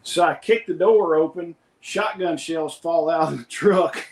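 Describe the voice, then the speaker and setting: A man's voice: a little high, measured pace, a little mellow, reverberant, low-quality recording. A middle-aged man co-hosting a podcast, telling rambling anecdotes in casual chat and quoting others in his plain voice. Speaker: podcast co-host.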